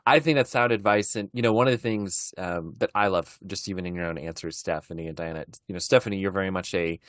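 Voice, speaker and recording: A man's voice: deep voice, fast, a bit bright, dry recording, studio quality. A man co-hosting a podcast, joking in a playful way and laughing easily. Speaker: podcast co-host. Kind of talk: casual podcast conversation.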